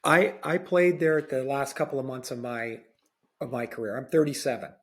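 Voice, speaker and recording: A man's voice: mid-range voice, fairly even intonation, normal speed. A man co-hosting a podcast, telling stories in a conversational, slightly sardonic way and repeating phrases for effect. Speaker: podcast co-host, former player. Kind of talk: casual storytelling.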